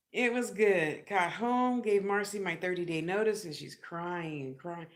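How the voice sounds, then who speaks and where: A woman vlogging in a casual, chatty way, telling a long personal story with lots of asides and lively retellings. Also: a little slow, few pauses. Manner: chatty, animated, acts out others' lines in a high squeal.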